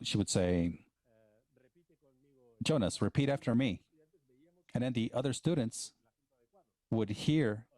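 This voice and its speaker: A man delivers a plenary talk at a conference in a fairly low, warm voice. He speaks haltingly and often restarts his sentences. The sound is dry and close, with little room around it. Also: dry recording.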